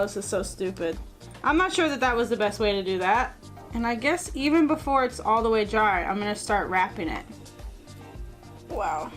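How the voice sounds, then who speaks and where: A woman's voice: medium pitch, a bit bright. A woman chatting through a casual crafting vlog, joking and teasing herself as she works. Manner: chatty and self-mocking. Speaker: craft vlogger.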